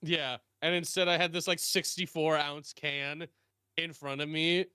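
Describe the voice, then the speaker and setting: Bright, laughing man chatting on a call. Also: on the high side, measured pace, clear, resonant tone, dry recording, clean studio sound. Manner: animated, laughs often, puts on voices for quotes. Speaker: guest streamer. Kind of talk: casual chat.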